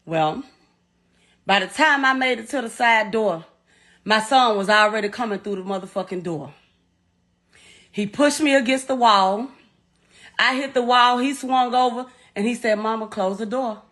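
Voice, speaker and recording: A middle-aged woman telling a painful story as a mother, in a blunt, halting way full of profanity. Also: a little high, fairly bright tone. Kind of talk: emotional first-person account.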